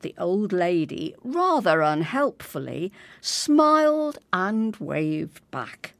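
A woman reads a humorous story very slowly, her fairly low voice rising and falling with lively expression. The sound is dry and close, with no room around it. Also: dry recording. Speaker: reader. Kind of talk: storytelling reading.

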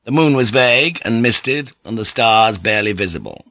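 A man reading an audiobook with measured, even storytelling. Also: medium pitch, no room sound. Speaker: audiobook narrator. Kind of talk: scripted narration.

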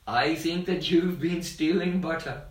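A man's voice: high voice, unhurried. A man doing a tender, chiding mother. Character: loving, worried mother scolding her son. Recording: roomy, distant mic.

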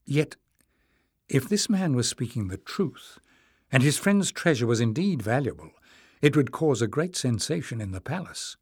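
Measured and expressive, a male audiobook narrator tells a fantasy story from a script. His voice is medium in pitch, and the recording is dry with studio quality.

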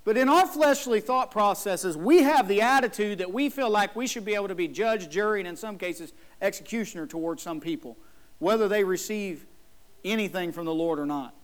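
A man's voice: high-pitched, brisk. A man preaching a sermon as a pastor in a church, emphatic, acting out the people in his story. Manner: emphatic, acts out the whining brother.

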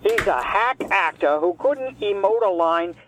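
A man's voice: sits high, expressive, measured pace, fairly bright tone, poor audio. A man playing a cranky retired Jersey caller. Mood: grumbling. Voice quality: complaining, sarcastic, insulting. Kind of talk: comedic call-in rant.

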